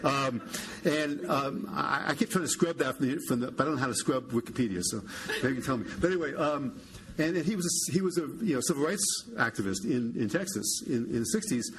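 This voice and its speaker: An older American man, a historian guest, talking in a halting, wry way with many restarts. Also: medium pitch, expressive, a bit bright, slight background noise. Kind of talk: conversational public interview.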